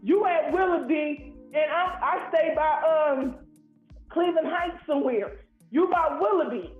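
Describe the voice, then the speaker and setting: A man from Ohio calls in and rants in a heated, profane, rambling way. His voice sits very high. It comes through a tinny, echoey phone line. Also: unhurried, faint music behind. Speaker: caller. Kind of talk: angry call-in rant. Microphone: phone call.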